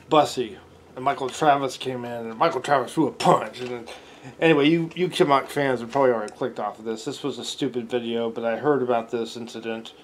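A man's voice: medium pitch, a little mellow, a little hiss or hum. Giggly rambling man telling a story. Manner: giggly, rambling, self-correcting. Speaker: amateur storyteller. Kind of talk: rambling improvised comic story.

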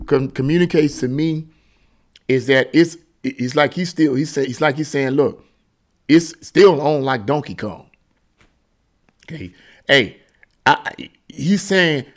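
A man hosting a political commentary channel, talking casually and emphatically about a news article and often repeating himself. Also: fairly high pitch.

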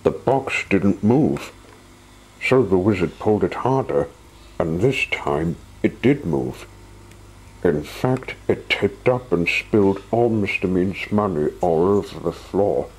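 A man reading a children's storybook aloud with expressive narration. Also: low-pitched, slow pace, slightly rough, low-quality recording.

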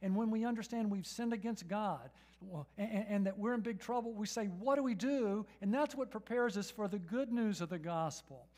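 High-voiced man preaching a sermon. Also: normal speed, a little mellow. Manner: preaching, rhetorical questions, frequent "right?". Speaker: pastor. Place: church sanctuary.

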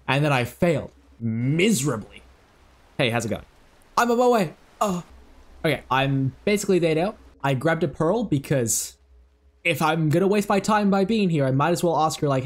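Excitable young man commenting on a game. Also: on the high side, moderate pace. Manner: excitable, swears, talks to himself. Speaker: gaming video creator. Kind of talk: casual gameplay commentary.

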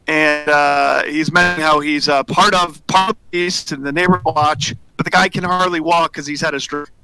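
A man's voice: fairly high pitch, fairly even intonation, brisk, gravelly, pushed and bright. A man in casual chat before a tabletop game, telling stories and laughing between bits. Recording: noisy video call line.

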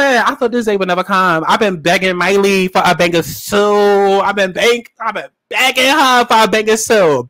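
A man's voice: sits high, bright, forceful tone. A man giving casual pop culture commentary in a sassy, profane, emphatic way, repeating lines for punch. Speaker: commentary vlogger.

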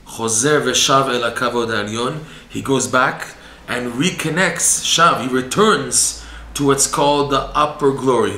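A man's voice: medium pitch, bright, forceful tone. A man giving a religious lesson, earnest and rising to impassioned cries when he voices pleas to God. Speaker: Torah teacher. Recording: echoey room with faint background hiss.

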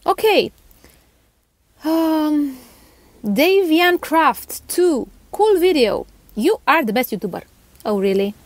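A high-pitched woman with a Romanian accent reads viewer comments in an unhurried, casual way. She giggles often and trips over names. The room sounds dry and close. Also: animated, no echo. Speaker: toy channel host.

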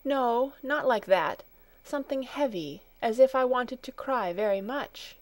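A woman's voice: a little high, lively intonation, measured pace, dry recording, pitched above the performer's own voice. A woman reading a storybook, voicing a timid, homesick little girl who is near tears and gives small, hesitant answers. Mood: homesick, tearful.

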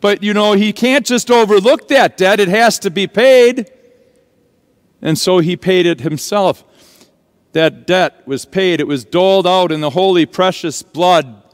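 A man preaching a sermon as pastor, earnest and dramatic, leaning slowly on key words, recorded in a church sanctuary. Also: high voice, smooth. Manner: earnest, dramatic preaching with slow emphatic stresses. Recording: long church reverb.

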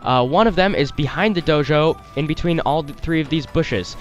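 Male gaming host, rambling and apologetic, voice on the high side. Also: normal speed, faint music behind. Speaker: let's play host. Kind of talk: gameplay commentary. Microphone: desktop headset mic.

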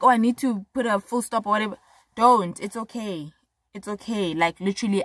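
A young South African woman speaks to her vlog audience in a mid-range, fairly bright voice with no echo. She talks to the camera frankly and chattily, using many fillers and repeating things for emphasis.

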